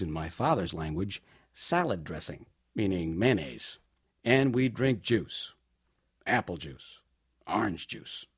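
A man with a slightly husky voice performs a comic monologue about his childhood. His delivery is wry and mock-grand, and his pitch leaps up and down.

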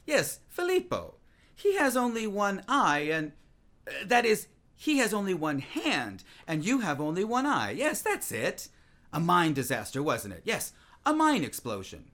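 An actor playing a restless, talkative man-about-town who gets excited and trips over his own words. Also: high voice, measured pace, full character voice. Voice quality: voluble and excitable, with frequent restarts. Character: restless, voluble man-about-town, nervous and self-mocking. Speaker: actor in a play. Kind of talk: theatrical stage-play acting.

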